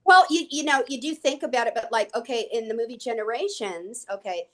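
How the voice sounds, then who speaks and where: A woman guest on an interview show, telling lively anecdotes and acting out what people said. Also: fairly high pitch, brisk. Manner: lively, animated anecdotes with acted quotes. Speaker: guest actress. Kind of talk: casual interview storytelling.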